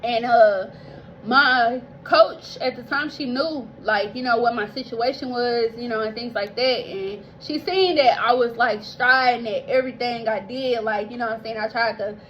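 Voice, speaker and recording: Young woman vlogger, fairly high-pitched, telling her story in a loose, emotional, near-tearful way; slightly muffled recording. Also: normal speed, a bit bright, slight background noise. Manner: rambling, heartfelt, addresses listeners as y'all, swears casually. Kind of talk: casual personal storytelling.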